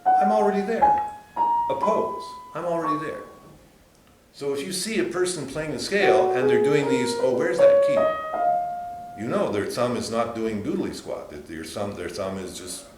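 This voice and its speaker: Animated male piano teacher, echoey room. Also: moderate pace. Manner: animated explaining with sudden high exclamations. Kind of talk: workshop lecture with piano demonstration. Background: piano playing.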